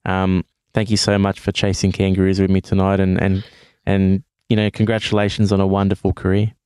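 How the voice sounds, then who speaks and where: A man's voice: sits low, monotone, fairly quick, a little mellow, smooth, dry recording, studio quality. A man interviewing a guest on a podcast, speaking in a friendly, earnest way. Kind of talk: casual interview wrap-up.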